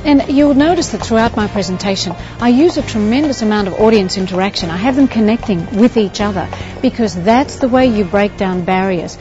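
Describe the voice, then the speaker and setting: A woman explaining her work in a steady, persuasive way, at a middle pitch. The sound is a little dull and lo-fi, with faint music behind. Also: brisk. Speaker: motivational speaker. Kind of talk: promotional talk to camera.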